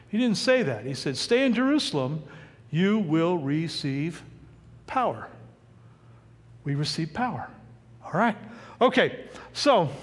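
A male pastor preaches a sermon in a lively, conversational style, frequently asking the congregation questions. His voice is high-pitched, and a long reverb tail follows his words.

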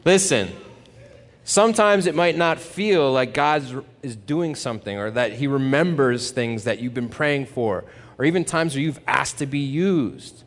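A man's voice: mid-range voice, expressive, unhurried. A male pastor giving a sermon, exhorting the congregation and calling for amens. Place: church sanctuary. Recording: church hall reverb.

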